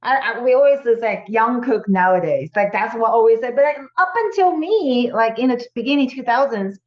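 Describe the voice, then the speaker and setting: A woman chef as a guest in a casual interview, speaking in halting, non-native phrasing. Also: fairly high pitch, expressive, echoey room, lo-fi sound.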